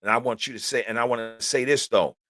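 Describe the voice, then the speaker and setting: A man's voice: medium pitch, fast talker, fairly bright tone, dry recording, studio quality. A middle-aged man hosting a casual sports talk show, chatting loosely and keeps asking "you know what I'm saying". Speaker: host.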